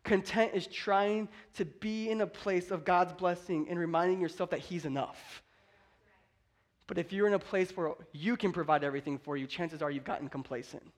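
A man's voice: high-pitched, normal speed. A young man preaching a sermon as a pastor, speaking with fervent, emphatic energy and acting out scripture quotes.

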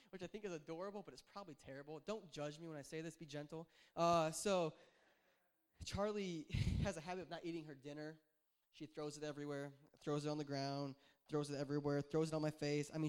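A young adult man, a pastor, preaching a conversational sermon, joking and telling animated stories. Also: on the high side.

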